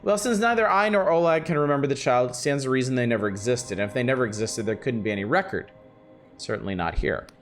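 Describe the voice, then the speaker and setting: A man's voice: medium pitch, animated, quick pace, faint music behind, natural voice. A man voicing a fussy, evasive middle-aged woman librarian in a video game, reading her lines aloud in a genteel manner and calling everyone dearie.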